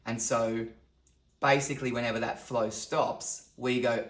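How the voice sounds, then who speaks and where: A man's voice: medium pitch, level tone, measured pace. A man in his thirties, a guest talking earnestly in a reflective podcast conversation. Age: 30s. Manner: earnest storytelling, acts out quotes. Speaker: podcast guest, men's coach. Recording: roomy echo.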